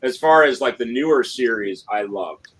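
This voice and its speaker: A man's voice: medium pitch, lively intonation, moderate pace, fairly bright tone, slightly rough, poor audio. A man co-hosting a casual chat, speaking hesitantly with frequent restarts. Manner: hesitant, restarts often, laughs easily. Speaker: podcast co-host.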